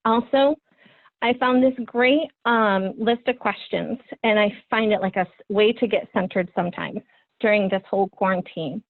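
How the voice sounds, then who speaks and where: A woman in her thirties, speaking at medium pitch and a moderate pace, presents a parenting webinar as a trainer. She sounds earnest and encouraging, with frequent ums. The audio comes through a video call and is dry and phone-like.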